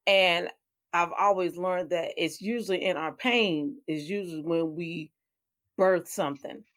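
Woman host, affirming interviewer, slightly low voice. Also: steady tone, measured pace, fairly bright tone. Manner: affirming, encouraging, faith-based chatter. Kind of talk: conversational interview.

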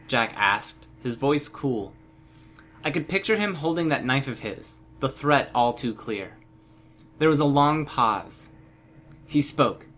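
A man reading a first-person novel aloud as an audiobook narrator, steady and measured. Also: mid-range voice.

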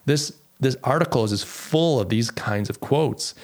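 A man's voice: mid-range voice, normal speed. A man hosting a political talk show, reading quotes from an article aloud with sarcasm and plenty of restarts. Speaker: podcast host.

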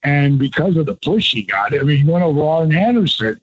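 A man's voice: fairly high pitch, big pitch swings, brisk, breathy edge, highs cut off. A man in his sixties, a former pro wrestler and guest, telling stories with profanity and emphasis. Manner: profane, emphatic, laughs often. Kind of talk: animated storytelling.

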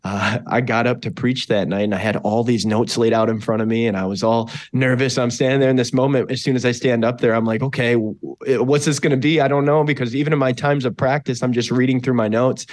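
A man's voice: mid-range voice, fast, few pauses. Earnest male pastor telling his story. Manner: earnest, animated retelling with many fillers and restarts. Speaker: pastor, podcast guest. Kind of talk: personal testimony storytelling.

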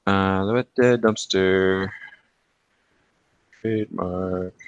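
A man's voice: low voice, steady tone, extremely slow, clear, resonant tone, dry recording, dull audio. A man co-hosting a podcast, chatting casually, rambling and swearing, laughing at his own jokes. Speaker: podcast co-host. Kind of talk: casual banter.

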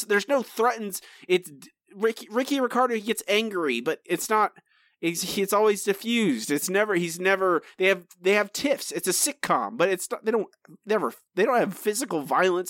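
A man co-hosting a podcast in casual chat, animated and teasing with mock indignation. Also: high voice, moderate pace, dry recording, studio quality. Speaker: podcast co-host.

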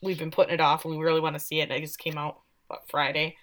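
A woman joins a casual podcast chat about a TV episode, joking and laughing between points. Her voice is bright and a little low for a woman. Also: level tone, fast talker. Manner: chatty, joking, laughs often. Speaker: podcast co-host.

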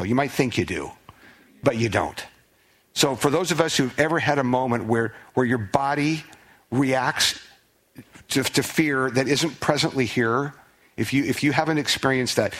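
A man's voice: medium pitch, fairly bright tone, breathy edge. A man preaching a sermon as pastor, earnest, often repeating words as he restarts.

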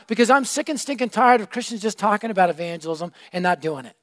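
A middle-aged male preacher telling a story in a sermon, energetic and animated, swinging from loud to hushed. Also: sits high, fast, hardly any pauses. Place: church room.

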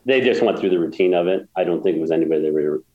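Man, deep voice, rambling and emotional, interview guest, echoey room. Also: very fast, lo-fi sound. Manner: rambling, many restarts, emotional. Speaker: guest, golf course builder. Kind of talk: casual storytelling interview.

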